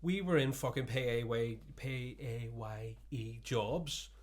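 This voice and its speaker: A man's voice: mid-range voice, takes it slowly, darkish tone. A man co-hosting a podcast, ranting and swearing freely in casual chat. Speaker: podcast co-host.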